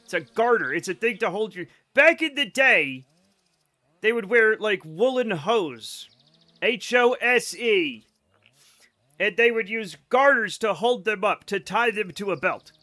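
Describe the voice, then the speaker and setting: A man's voice: high voice, lively intonation, measured pace, bright, forceful tone. A man streaming a game live, rambling casually to his chat in a self-amused way.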